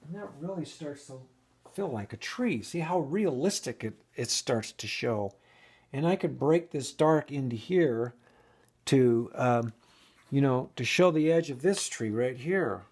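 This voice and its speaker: A man's voice: mid-range voice, animated, a little slow, darkish tone, husky. A man giving a casual oil painting lesson, thinking aloud and restarting sentences as he works at the easel. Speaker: painting instructor.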